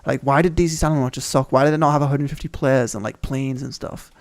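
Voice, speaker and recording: A young man hosting a gaming channel, giving excitable, rambling, swear-filled commentary as he tours a game map. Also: mid-range voice, fast talker.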